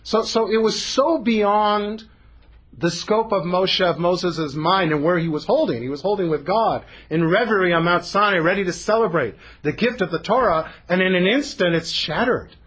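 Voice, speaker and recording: A man's voice: high voice, normal speed, a bit bright, slightly rough. A man teaching a Torah text-study class, explaining animatedly and dropping Hebrew terms into his English.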